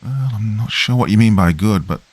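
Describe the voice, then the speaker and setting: A man voicing a worried man in his late fifties with a Liverpool accent, warning gravely in a story reading. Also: fairly low pitch, expressive, moderate pace. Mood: ominous.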